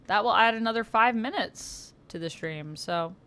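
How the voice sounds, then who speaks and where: A woman's voice: mid-range voice, moderate pace, a bit bright. A woman chatting casually on a livestream while she colors, reading out and thanking viewers. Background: faint background music.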